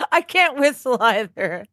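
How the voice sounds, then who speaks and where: Slow-talking woman co-hosting a stream. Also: fairly high pitch, very animated, a bit bright, no room sound, studio quality. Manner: easygoing, laughs often. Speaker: stream co-host. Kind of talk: casual live-stream chat.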